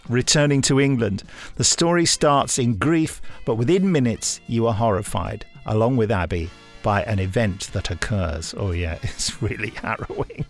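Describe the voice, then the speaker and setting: A man's voice: mid-range voice, a bit bright. A man co-hosting a podcast, reading listener emails aloud and joking as he goes. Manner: jokey, laughs as he reads. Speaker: podcast co-host.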